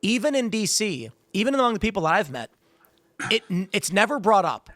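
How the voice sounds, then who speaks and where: A man's voice: high-pitched, sing-song, fairly quick, a bit bright, dry recording. A man hosting a podcast, telling anecdotes in a casual, rambling way that often restarts sentences. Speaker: podcast host. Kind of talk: casual political chat.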